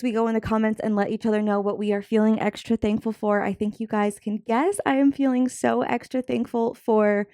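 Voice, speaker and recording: A woman's voice: a little high, a little mellow. A woman in her twenties chatting casually to camera as a budgeting vlogger, bubbly and talkative, with many fillers and asides, a little out of breath. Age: 20s.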